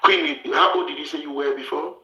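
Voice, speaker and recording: Man lecturing hard on relationships, bright edge, roomy echo. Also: a little high, steady tone, a little fast. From Africa. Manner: forceful, lecturing, repeats himself. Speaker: show host giving relationship advice. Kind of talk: blunt advice talk.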